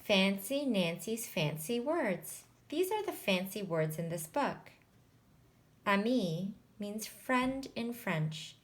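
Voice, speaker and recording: A woman reading a children's picture book aloud, slow and unhurried. She takes care over each sentence and pauses to explain words for young listeners. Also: mid-range voice, sing-song. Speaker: storybook reader.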